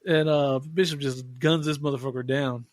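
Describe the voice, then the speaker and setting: A man co-hosting a podcast and retelling film scenes in an easy, slangy way. His voice sits a little high, and the recording is dry and close. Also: moderate pace, no echo. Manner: relaxed, plot-focused, slangy. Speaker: podcast co-host. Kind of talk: casual film recap chat.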